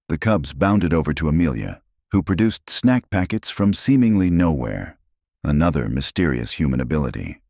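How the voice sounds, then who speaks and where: A man's voice: extremely low pitch, animated, moderate pace, a little mellow, no echo, studio quality. A man narrating a science fiction story. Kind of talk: scripted narration.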